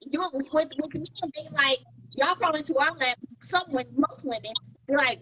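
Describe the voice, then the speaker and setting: A woman co-hosting a podcast in casual chat, telling animated stories and acting out what people said. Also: high voice, moderate pace, a little hiss or hum, low-quality recording. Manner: animated storyteller, acts out quoted dialogue. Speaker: podcast co-host.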